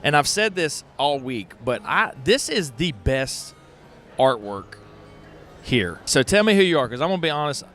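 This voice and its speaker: Excitable man walking a festival. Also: fairly high pitch, moderate pace, soft background music. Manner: excitable, folksy, talks straight to viewers. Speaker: host walking a pottery festival. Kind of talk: unscripted walkthrough commentary. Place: outdoor festival grounds. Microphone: handheld microphone.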